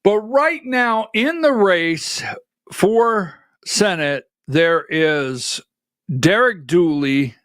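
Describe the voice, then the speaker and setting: A middle-aged man hosts a live political commentary show. His voice sits fairly high for a man, and it is recorded dry and close with no room sound. He talks in a loose, rambling way, repeating points and calling for the next graphic. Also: lively intonation, extremely slow, a bit bright, no room sound. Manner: rambling, repeats himself, directs graphics on air.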